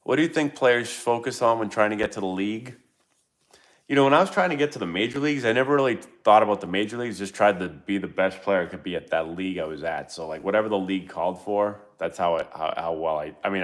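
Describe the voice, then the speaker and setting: A middle-aged man, a former ballplayer, hosting a casual live-stream Q&A and telling rambling, self-interrupting stories. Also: low voice. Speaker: channel host, former pro baseball player.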